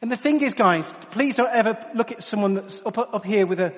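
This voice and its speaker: Guy preaching into a headset mic, earnest and chatty, quite high voice, big hall echo. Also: fairly quick. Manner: earnest, conversational, addresses crowd as guys. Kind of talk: sermon. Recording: long hall reverb.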